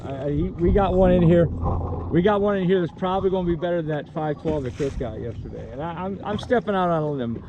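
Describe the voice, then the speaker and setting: A man's voice: on the high side, quick pace, dull audio, noisy background. A man working as a fishing guide, chatting and joking on a boat on a lake, often laughing and restarting his sentences. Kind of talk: casual fishing vlog chat.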